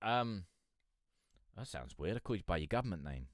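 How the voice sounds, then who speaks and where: A man's voice: low voice, very animated, brisk, pauses often, dry recording, clean studio sound. A man from near London, chatting casually on a live stream as a music reviewer. He rambles, swears and keeps calling people "mate". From England, near London.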